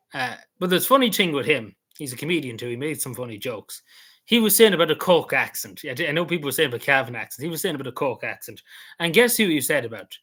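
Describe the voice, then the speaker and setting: A man's voice: a little high, pushed and bright. A man, casually recapping an event he attended, rambling and repeating himself with many fillers. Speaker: vlogger.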